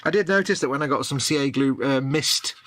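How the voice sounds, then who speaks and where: A man's voice: medium pitch, fairly quick, a bit bright. A man chatting casually while building a scale model, jokey and rambling, with playful wordplay. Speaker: co-host of a modelling livestream. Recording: noisy home livestream audio.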